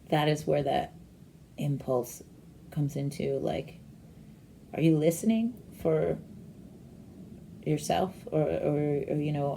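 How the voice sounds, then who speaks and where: A woman giving a casual, meandering rune and tarot reading, talking slowly with many fillers. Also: sits low, gravelly, darkish tone.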